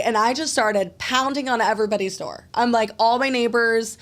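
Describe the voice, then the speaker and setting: A woman's voice: on the high side, moderate pace, few pauses. A young woman hosting a podcast, telling a personal story in casual chat, full of "like" fillers and swearing. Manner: animated storytelling, heavy "like" fillers, frequent swearing. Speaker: podcast host.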